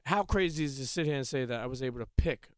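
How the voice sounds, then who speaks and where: A man hosting a podcast interview in a loose, halting way, restarting phrases and leaning on fillers. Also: mid-range voice, smooth, no room sound, studio quality. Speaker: podcast host. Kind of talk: casual interview chat.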